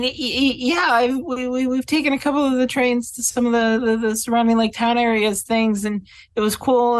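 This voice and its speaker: A woman playing her character in a tabletop game, stammering nervously. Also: a little high. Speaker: player.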